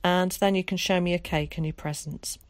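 A woman's voice: on the low side, fairly even intonation, brisk, no echo, lightly acted. A woman voicing a stern, pious mother who is cold, suspicious and reproachful in a storybook reading. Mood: forced sweet. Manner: clipped, reproachful, preachy.

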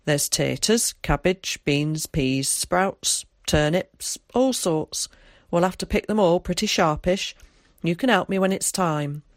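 A woman voicing a gruff, blunt older countryman in an audiobook, speaking in a clipped rustic dialect. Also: on the low side, slow, no room sound, studio quality. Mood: proud. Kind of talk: audiobook character voice.

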